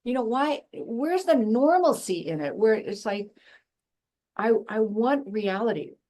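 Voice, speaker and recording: A woman's voice: a little high, measured pace. Blunt, emphatic woman telling stories. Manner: blunt, emphatic, animated storytelling. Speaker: guest, former professor and intuitive. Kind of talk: passionate conversational interview.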